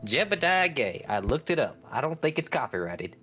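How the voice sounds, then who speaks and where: A man's voice: mid-range voice, very animated, normal speed, pushed and bright, faint music behind. A man voicing a brash cowboy gunslinger with a put-on cowboy drawl, talking with exaggerated swagger.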